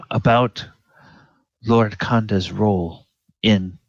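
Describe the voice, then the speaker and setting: A man's voice: fairly low pitch, dry recording, dull audio, exaggerated voice. A man voicing a solemn older general who speaks formally. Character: grave older male general bearing heavy news.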